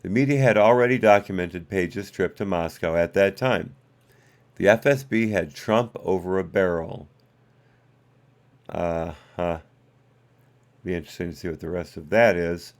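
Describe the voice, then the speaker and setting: Gravelly low-voiced man reading documents. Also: unhurried, long pauses. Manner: self-correcting, wry asides to chat. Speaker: live-stream host. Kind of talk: reading documents aloud on a live stream.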